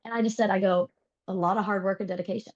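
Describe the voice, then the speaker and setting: A woman in her thirties telling stories in a casual interview, animated and laughing, full of fillers. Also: mid-range voice, racing, highs cut off. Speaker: interview guest. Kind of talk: casual chat.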